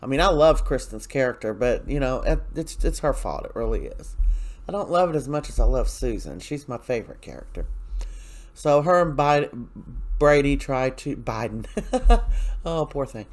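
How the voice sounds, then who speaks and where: A man talks through a soap opera episode in a loose, conversational way. He is opinionated, often stops for "uh" and "you know", and goes off on asides as he tells the story. His voice sits at an ordinary middle pitch. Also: lively intonation, normal speed. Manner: chatty and opinionated, with frequent fillers and asides. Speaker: soap opera recap host. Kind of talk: casual spoken episode recap.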